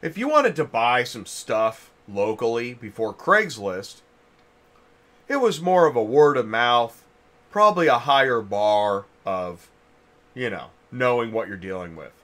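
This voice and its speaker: A man's voice: mid-range voice, very animated, a little slow, a bit bright. A man hosting a casual industry chat, rambling and thinking aloud with many restarts while chewing a cough drop. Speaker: podcast host.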